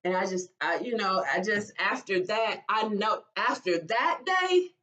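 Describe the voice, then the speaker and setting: A woman, talking in a halting, emotional way in a personal vlog, with sighs and restarts. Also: medium pitch, expressive, a bit bright, distant mic. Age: 40s. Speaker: vlogger.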